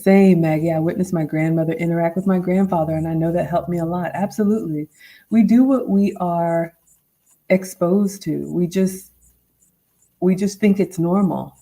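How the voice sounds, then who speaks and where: A woman's voice: deep voice, dark tone, rough recording. A woman in her forties hosting a casual live Q&A, reading viewer comments aloud and answering them conversationally. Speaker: livestream host and life coach.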